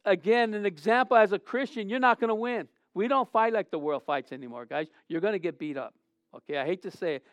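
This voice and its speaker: A man's voice: high-pitched, clear, resonant tone, dry recording, highs cut off. A middle-aged man preaching a conversational sermon as pastor, telling stories and repeating phrases, asking the congregation rhetorical questions.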